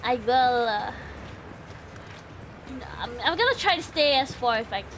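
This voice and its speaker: A young woman streaming a game with excitable commentary, yelling and laughing as she plays. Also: fairly high pitch, measured pace, a little hiss or hum. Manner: excitable, yells and laughs while playing. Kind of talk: gameplay commentary.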